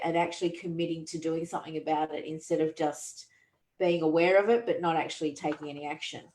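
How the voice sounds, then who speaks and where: Earnest woman, low voice, coaching talk, roomy echo. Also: fairly even intonation, quick pace, a little mellow. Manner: earnest, reflective, frequent restarts. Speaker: podcast host and coach.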